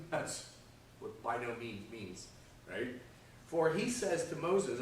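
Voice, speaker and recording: A man's voice: mid-range voice, big pitch swings, takes it slowly, few pauses, recorded from a distance, a little hiss or hum. Man teaching Sunday school in an echoey room. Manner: checks in often with "okay?" and "right?". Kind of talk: conversational Bible lesson. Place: church classroom.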